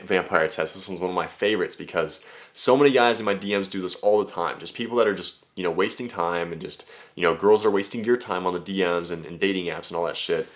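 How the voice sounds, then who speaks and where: A young man talking casually as a dating coach, brash and full of swearing, often slipping into high mocking voices. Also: fairly bright tone. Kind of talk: casual talking-head monologue.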